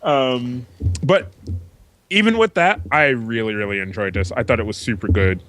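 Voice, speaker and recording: A man's voice: medium pitch, normal speed, a bit bright, no echo. A man co-hosting a music podcast, chatting casually and enthusiastically, swearing freely. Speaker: podcast co-host. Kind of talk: casual chat about music.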